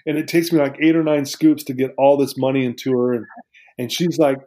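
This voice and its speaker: A man's voice: mid-range voice, fairly even intonation, a little fast, dark tone. A man as an interview guest, telling a personal story in an earnest, heartfelt, reflective way.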